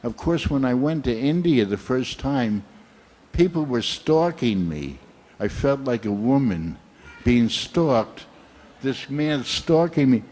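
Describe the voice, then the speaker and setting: Older male temple speaker, slow, unhurried sermon, reflective storyteller, mid-pitched voice. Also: expressive, a little mellow.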